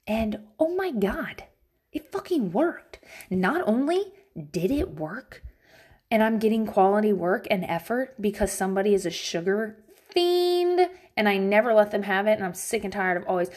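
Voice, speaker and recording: A mom vlogging from home, speaking straight to her viewers in loose, unscripted talk. She is blunt and salty with her language, drops in plenty of "um"s, and her pitch jumps up and down with animated emphasis. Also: a little slow. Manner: blunt and profane, frequent swearing and "um" fillers; animated, jumps between high and low pitch. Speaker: parent vlogging about teaching her kids at home. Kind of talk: casual, candid advice talk to viewers.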